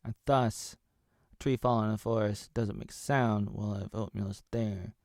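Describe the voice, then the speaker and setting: A man's voice: on the low side, fairly even intonation, moderate pace, creaky, a little mellow, no echo, studio quality. A man in his thirties from Oregon, rambling through a playful, absurd comic monologue to camera, drifting into whispers and silly asides. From Oregon, USA. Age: 30s. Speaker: video creator.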